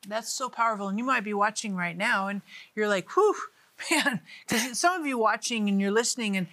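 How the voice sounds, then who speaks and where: A woman's voice: mid-range voice, a little fast, pushed and bright, dry recording. A woman hosting a Christian talk show, speaking directly to the viewers.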